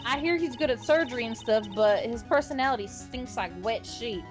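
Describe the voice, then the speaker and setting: Lady putting on a loud southern drawl for a nosy photographer gal, high and bright, faint music behind. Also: fairly quick, lightly acted. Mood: gossipy. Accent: put-on Southern US drawl. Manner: loud, excitable, folksy. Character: brash young woman photographer, nosy and excitable. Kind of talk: playing a game's dialogue aloud.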